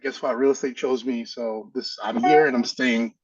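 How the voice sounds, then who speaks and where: A man's voice: mid-range voice, steady tone, normal speed, slightly rough, no room sound, distant mic, highs cut off. A man from Brooklyn with a New York accent, a guest who talks in a candid, joking, self-deprecating way. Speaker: guest, real estate agent. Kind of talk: casual interview chat.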